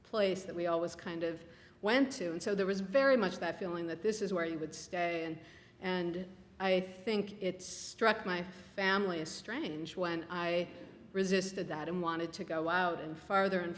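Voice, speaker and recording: A woman from Minnesota, an author telling family stories in a wry, unhurried way at a public talk. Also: fairly low pitch, steady tone. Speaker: author guest. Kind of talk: conversational storytelling. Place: public library event room. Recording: reverberant hall.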